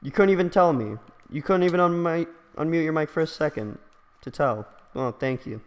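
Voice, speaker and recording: A man's voice: a little high, lively intonation, a little fast, big-room sound. A young man hosting a gaming session, teasing a friend with crude jokes and frequent laughter. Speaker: gaming channel host. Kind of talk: casual gaming banter.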